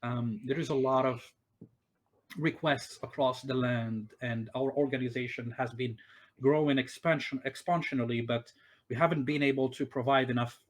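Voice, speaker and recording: A man's voice: medium pitch, steady tone, moderate pace. Hesitant man running a tabletop game. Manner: hesitant, many fillers and restarts. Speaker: game master. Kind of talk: narrating and voicing a tabletop game.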